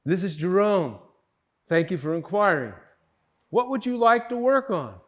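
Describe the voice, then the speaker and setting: A man voicing a calm, gentle male therapist who speaks softly and soothingly. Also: high-pitched, measured pace, lo-fi sound.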